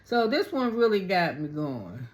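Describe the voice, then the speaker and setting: A woman's voice: very animated, measured pace. Woman rambling through a profane recap. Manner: profane, rambling retelling with colloquial grammar; acts out quotes with jumps in pitch. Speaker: reality TV recap vlogger. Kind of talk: casual episode recap.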